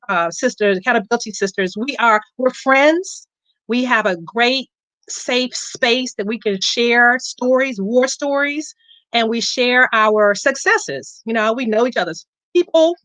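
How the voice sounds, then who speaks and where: A woman guest chatting casually about her coaching experience, animated and laughing often, with frequent restarts. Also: a little high, no echo, poor audio. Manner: animated, laughing, repeats words. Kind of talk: casual testimonial chat.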